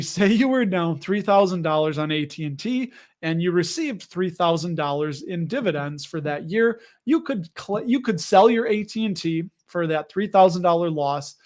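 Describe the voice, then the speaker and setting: A man's voice: sits high, a little mellow. A man hosting a casual chat about dividend investing, rambling with joking, sarcastic asides as he reads viewer comments. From United States. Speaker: dividend investing channel host.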